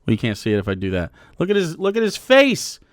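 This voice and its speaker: A man's voice: a little high, huge pitch swings, fast, no echo, clean studio sound. A male streamer giving heated, sarcastic reaction commentary, swearing and mocking others.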